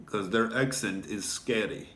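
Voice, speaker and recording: A man's voice: lowish voice, measured pace, fairly bright tone, roomy sound, slight background noise. A male comedian hosting a sarcastic comedy rant, mocking and swearing freely. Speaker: comedian host.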